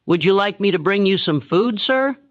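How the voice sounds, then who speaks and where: A man doing a guarded, careful servant who stays polite and quiet, with a somewhat higher voice. The recording is dull and dry, close to the mic, with little room sound. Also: animated, moderate pace, dry recording. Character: cautious, deferential enslaved man, quietly careful.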